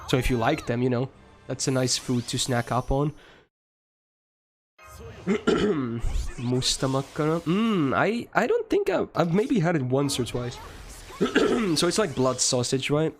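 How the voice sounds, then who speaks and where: A man's voice: medium pitch, very animated, unhurried, pauses often, faint music behind. A young man streaming a game and chatting casually with his viewers, answering their questions in a rambling way and swearing freely.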